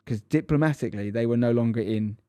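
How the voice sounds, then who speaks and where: A man's voice: mid-range voice, quick pace, warm tone, clear, resonant tone, no room sound, studio quality. A man in his thirties, a podcast co-host, telling a story in casual chat and acting out the quotes with animation.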